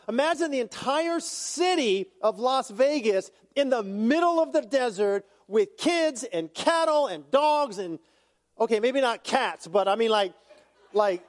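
High-voiced preacher in a reverberant hall. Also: male voice. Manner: conversational preaching with asides and humor. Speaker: pastor. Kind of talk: sermon.

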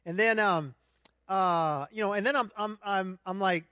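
A man preaching a sermon to a congregation, telling a lively personal story and asking the room for responses. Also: high voice, fairly quick, no echo, clean studio sound. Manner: animated storytelling, talks to the congregation. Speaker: pastor. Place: church hall with congregation.

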